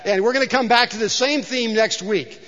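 A male pastor preaches a sermon in a church sanctuary, using a very high, fairly bright voice at normal speed. He talks conversationally with asides and rhetorical questions, and the recording sounds dull with long hall reverb.

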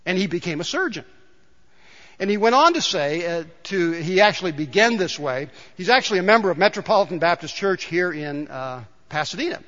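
A male pastor with a high, bright voice delivers a sermon in a church sanctuary, his words trailing off into a long hall reverb. He shifts between easy storytelling and emphatic calls to the congregation. The sound is slightly dull and muffled. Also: lively intonation, brisk. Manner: rises to emphatic calls to the congregation, tells jokes.

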